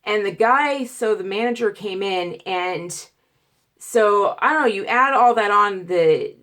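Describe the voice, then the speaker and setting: A woman vlogger talks straight to camera, retelling a hard experience in a casual, animated way. She stutters and restarts often and acts out what people said. Her voice sits at a medium pitch and rises as the story gets more intense. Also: a little slow. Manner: animated, acts out quotes, grows loud and emotional.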